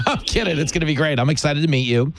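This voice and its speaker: Male radio host: lively swooping delivery, gravelly, playful, faint music under. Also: on the high side, fast talker. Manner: playful, joking, energetic. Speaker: radio talk show host. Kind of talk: casual radio chat with a caller.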